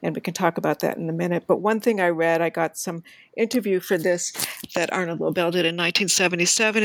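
A woman co-hosting a casual book discussion, talking in an animated way and reading passages aloud. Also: on the low side, dry recording.

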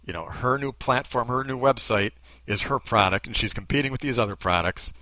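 Male commentator, mocking and emphatic, bright edge to the voice. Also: medium pitch, fairly quick, dry recording. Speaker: commentator reacting to a video. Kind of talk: critical commentary.

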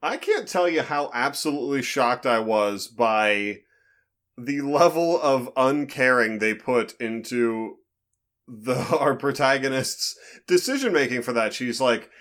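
A man's voice: medium pitch, animated, unhurried, fairly bright tone. A man retelling a movie plot with dry, incredulous humor. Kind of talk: comedic movie recap.

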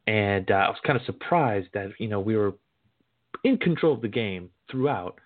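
A man's voice: lowish voice, animated, moderate pace. A man co-hosting a sports podcast, talking in a rambling way with lots of fillers. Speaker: podcast co-host. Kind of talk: casual chat. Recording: phone-like line.

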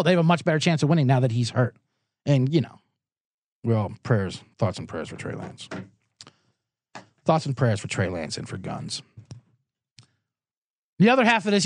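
A man's voice: medium pitch, dry recording, clean studio sound. A man hosting a sports betting podcast, rambling through sarcastic, profane comedic riffs. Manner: rambling, sarcastic, swears a lot.

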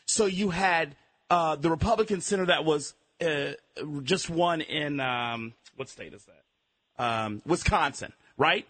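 A man arguing politics on talk radio, pushing his point through halting restarts, with a husky voice. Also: fairly high pitch, fairly bright tone.

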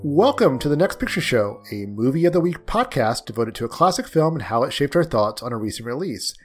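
A man hosting a film podcast over a video call, reading scripted intros with a wry, lively delivery. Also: medium pitch, brisk, soft background music. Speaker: podcast host.

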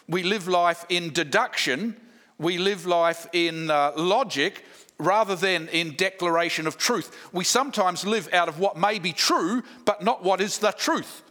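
A man's voice: sits high, pushed and bright. A man preaching a sermon, emphatic, building points with repeated lists and rhetorical questions. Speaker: pastor.

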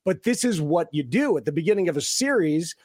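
A man's voice: fairly high pitch, big pitch swings, fairly quick, a little mellow, no echo, studio quality. A man hosting a casual chat, earnest, acting out the people he quotes as he tells stories. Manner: earnest, acts out quotes with shifts in voice.

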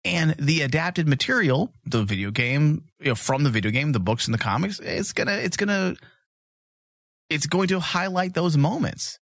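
A man's voice: fairly high pitch, animated, moderate pace, fairly bright tone, no room sound, studio quality. A man co-hosting a podcast, chatting crudely and ranting in a brash, joking way. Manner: brash, joking, mock-macho rants. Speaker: podcast co-host. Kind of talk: crude comedic podcast chat.

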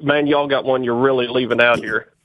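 A man's voice: medium pitch, steady tone, fairly quick, a bit bright, dry recording. A male caller, friendly and casual on the phone to a radio show. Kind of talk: call-in on talk radio. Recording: phone line.

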